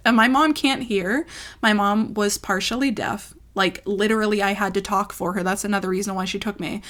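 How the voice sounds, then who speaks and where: A woman's voice: mid-range voice, fairly even intonation, normal speed, a bit bright. A woman telling a personal story in a vlog, in a rambling, emotional way with lots of fillers. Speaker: ASMR creator.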